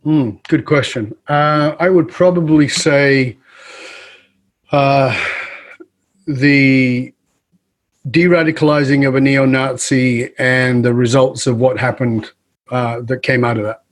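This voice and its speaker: A middle-aged man guesting on a podcast, spinning a long personal story with lively delivery. He slips into the voices of the people he quotes and keeps a conversational, mid-pitched tone throughout. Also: slow pace, long pauses. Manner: animated, acts out quoted voices.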